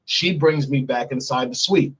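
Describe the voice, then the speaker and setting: Husky-voiced man telling a blunt story. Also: mid-range voice, moderate pace, a bit bright, low-quality recording. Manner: blunt and profane, speaks freely. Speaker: guest. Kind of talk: candid storytelling in an interview.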